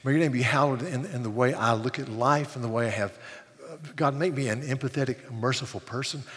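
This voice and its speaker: A man's voice: mid-range voice, a little fast, a bit bright. An older man preaching a sermon, earnest, often repeating words as he builds emphasis. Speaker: pastor. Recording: long hall reverb.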